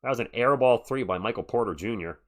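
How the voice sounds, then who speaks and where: Male live-stream commentator, mid-range voice, casual play-by-play with chat banter. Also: mid-range voice. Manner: chatty, answers the chat between rapid play calls.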